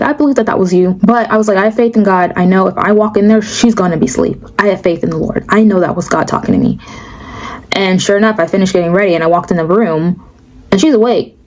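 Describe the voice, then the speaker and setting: A woman's voice: medium pitch, rough recording. Chatty young woman sharing a testimony. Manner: chatty, storytelling, quick asides with many "like"s. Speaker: faith vlogger. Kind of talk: casual testimony.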